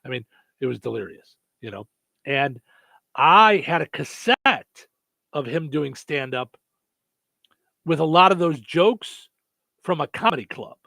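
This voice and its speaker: A man's voice: fairly high pitch, expressive, measured pace, creaky, long pauses, sharp tone, no echo. A man hosting a radio morning show, chatting casually with many fillers and restarts. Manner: rambling, lots of fillers and restarts.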